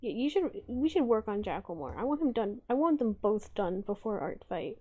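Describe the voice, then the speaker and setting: A woman's voice: mid-range voice, big pitch swings, normal speed, dark tone, muffled recording. A woman with an American accent chatting casually while she draws on a stream, talking easily with lots of filler words. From United States. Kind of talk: casual chat while drawing.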